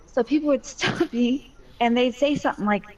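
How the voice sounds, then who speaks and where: A woman's voice: on the high side, normal speed, darkish tone, poor audio. A mother telling her story in a casual voice chat, candid and talkative with a joking streak.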